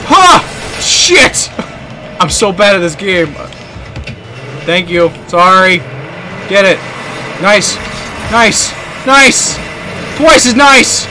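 Lively high-voiced male game streamer. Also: vocal fry, background noise. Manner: joking, animated, quick to laugh and yell at the game. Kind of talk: casual gaming stream commentary.

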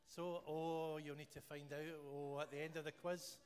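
In a church hall, a church leader with a Scottish accent, a fairly high pitch and normal speed, prays and then hosts a playful quiz for the congregation. He keeps things jokey and animated, and the sound has a long hall reverb with a little faint noise.

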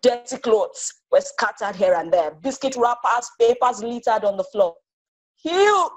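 A woman author reading her story aloud to children, animated and stopping to ask them questions. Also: on the high side, moderate pace, low-quality recording.

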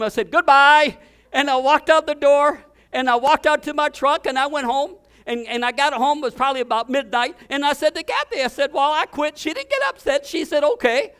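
A man's voice: extremely high pitch, sharp tone. A male pastor preaching a fervent storytelling sermon, often repeating and restarting his words.

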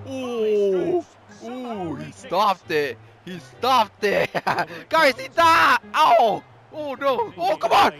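A young man commentates his own match live, his voice high and swinging wildly from low mutters to yelps. The tone is bright and edgy with a gravelly crackle at the bottom. He laughs and shouts often and throws in Spanish exclamations between English lines. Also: very animated, unhurried. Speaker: gaming YouTuber.

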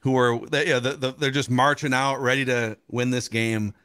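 A man hosting a casual sports talk show, relaxed, asking questions and telling stories. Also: mid-range voice, normal speed, clear, resonant tone, dry recording, clean studio sound. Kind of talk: casual chat.

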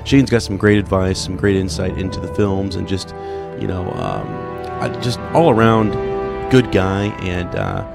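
A man hosting a podcast who introduces an interview in a halting way, with many fillers. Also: sits low, animated, gravelly. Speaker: podcast host. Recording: music playing underneath.

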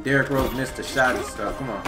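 A man's voice: medium pitch, a little fast. A young man, commentating his own basketball video game and swinging between hype and frustration. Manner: excitable, yelling at the game, frustrated outbursts. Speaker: gaming YouTuber. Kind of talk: live gameplay commentary. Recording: roomy sound with loud game music.

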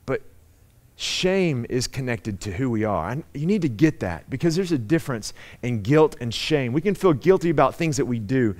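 A man preaching a sermon, telling the story with animated asides and acting out its people. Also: mid-range voice. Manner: conversational, frequent "right?" asides. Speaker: pastor.

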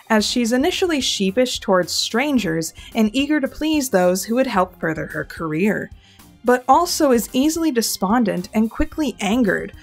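A woman narrating a scripted fan lore video, with wry, lightly sarcastic asides. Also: on the high side. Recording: soft background music.

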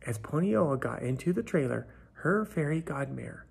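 Man, storybook reading, gravelly, very raspy, unhurried. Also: fairly high pitch, lively intonation, darkish tone. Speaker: storybook reader. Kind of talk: children's story read aloud.

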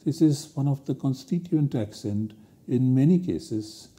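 A man giving a recorded university lecture, explaining grammar rules slowly and deliberately. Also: mid-range voice, warm tone.

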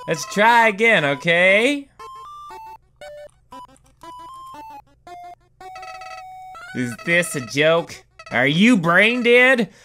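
A man's voice: high-pitched, pushed and bright, exaggerated voice. A man voicing a chipper, two-faced little male flower in a video game, with a folksy drawl that slides toward a Southern twang. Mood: snide. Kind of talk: let's-play character voice.

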